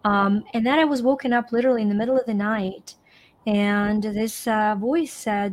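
A woman's voice: mid-range voice, fairly even intonation, moderate pace, slight background noise. A middle-aged woman from Ukraine, a coach guest in an interview, talking expressively and repeating phrases for emphasis. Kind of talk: conversational interview.

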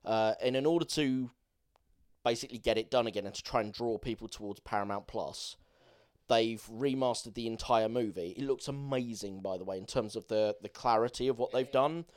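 A man's voice: mid-range voice, a little fast, darkish tone. Chatty man rambling about a film. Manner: rambling, enthusiastic, swears casually. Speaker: podcast co-host. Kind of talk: casual film review chat.

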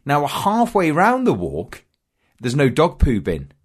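A man's voice: fairly high pitch, slow pace, breathy edge. A middle-aged man chatting casually and telling comic stories, acting out voices as he goes. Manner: animated, acts out voices in his stories. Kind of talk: casual chat, comic storytelling.

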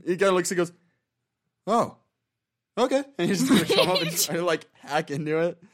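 A man's voice: fairly high pitch, steady tone, very fast. A man playing a paladin in a tabletop game, describing his character's actions with hesitant fillers. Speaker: player. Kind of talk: casual tabletop game chat.

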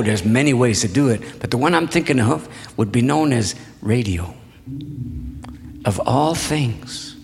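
A man telling a long story to a live audience in an unhurried, reflective, folksy way. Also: mid-range voice, vocal fry, big-room sound, slight background noise. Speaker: spoken-word storyteller. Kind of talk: live spoken-word storytelling. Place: hall before an audience.

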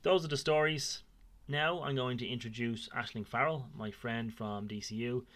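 An Irish man in his thirties hosts a casual podcast chat. His voice sits at a middling pitch, and he rambles, circling back on himself with fillers and restarts. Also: fairly even intonation, moderate pace, fairly bright tone. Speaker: podcast host. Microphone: video call.

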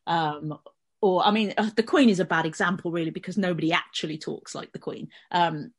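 A woman's voice: lowish voice, fairly quick. A middle-aged woman with a Birmingham accent, talking through ideas at length as a guest in a casual podcast discussion. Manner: conversational, explaining at length. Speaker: panel guest columnist.

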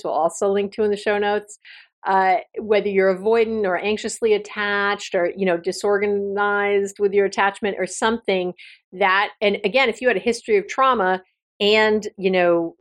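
A woman hosts a solo podcast and talks through a psychology topic as if chatting with a friend. She pauses on "um" and "you know", restarts her sentences and corrects herself, all at an ordinary middle pitch. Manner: conversational, self-correcting with fillers and restarts; explanatory, addresses listener directly. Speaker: podcast host and therapist.

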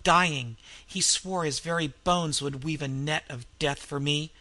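A man's voice: unhurried, pushed and bright. Man playing a roaring, mad old innkeeper. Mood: raving. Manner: roaring, wild laughter, raised pitch. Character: insane vengeful male innkeeper, roaring.

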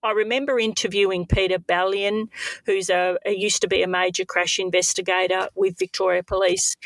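A woman hosting a podcast interview, asking gentle, hesitant questions. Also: mid-range voice, no room sound. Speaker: podcast host.

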